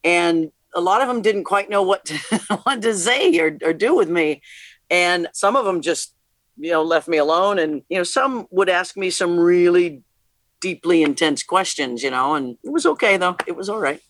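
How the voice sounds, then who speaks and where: A woman's voice: fairly low pitch, animated, normal speed, fairly bright tone, no room sound. A middle-aged woman, a rock musician, talking candidly as an interview guest, laughing often and restarting her sentences. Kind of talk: casual interview conversation.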